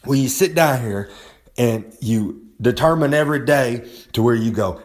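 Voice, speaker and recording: A brash man cuts a wrestling-style promo, bragging and rambling as he refers to himself in the third person. He gets heated easily and swears freely, with a middle-pitched voice, speaking outdoors. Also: moderate pace. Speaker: recurring segment presenter. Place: outdoors on a humid day.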